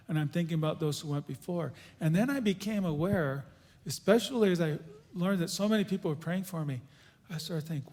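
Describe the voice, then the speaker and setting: Earnest male speaker telling his story, a little high-pitched, echoing church hall. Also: darkish tone. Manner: earnest, halting, with restarts. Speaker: guest speaker. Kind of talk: conference Q&A testimony. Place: church auditorium.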